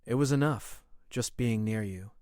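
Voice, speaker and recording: A man's voice: on the low side, moderate pace, darkish tone, no room sound, clean studio sound, close to an everyday voice. A man voicing a humble, devoted human translator. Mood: earnest.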